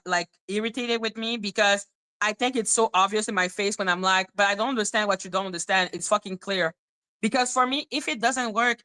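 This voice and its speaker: A woman's voice: medium pitch, pushed and bright. A woman hosting a casual live-stream commentary, blunt and irritated, sounding condescending, swearing and repeating herself.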